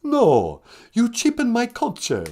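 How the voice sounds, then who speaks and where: A man voicing a theatrical old male vampire count with a booming, drawn-out manner and a cackling "ah, ah" laugh. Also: huge pitch swings, warm tone, heavily acted.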